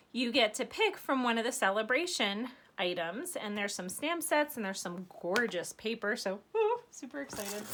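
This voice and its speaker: A young woman vlogging an unboxing from her floor at home, gushing and bubbly, saying again and again how excited she is. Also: on the high side. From Arizona, United States. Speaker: craft vlogger. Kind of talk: unboxing vlog.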